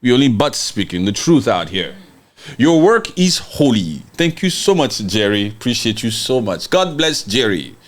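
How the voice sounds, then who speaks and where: A man's voice: medium pitch, very animated, moderate pace. Heated man hosting a livestream. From DR Congo. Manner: heated, emphatic, repeats words, mild cursing. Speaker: podcast host. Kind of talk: livestream commentary reading viewer comments.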